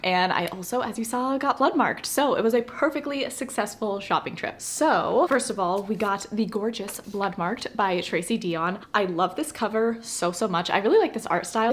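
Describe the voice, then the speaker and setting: A young woman talks casually into a camera at home, bubbling over with excitement and chatter. Her voice sits at an ordinary middle pitch, with a faint hiss of room noise behind her. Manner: gushing, excitable, chatty with fillers. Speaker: book vlogger. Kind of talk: casual reading vlog chat.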